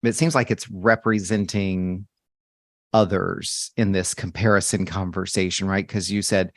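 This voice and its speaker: A man with a low voice hosts the conversation and asks reflective, probing coaching questions. His voice sounds dry and close, with no room behind it. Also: fairly even intonation, moderate pace, no echo. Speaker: podcast host and coach.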